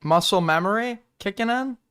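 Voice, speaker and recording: A man's voice: high-pitched, animated, normal speed, fairly bright tone, clear, resonant tone, dry recording. Incredulous, mocking male commentator, dry sound. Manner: incredulous, profane, mocking, frequent laughter. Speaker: commentary host. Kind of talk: reaction commentary.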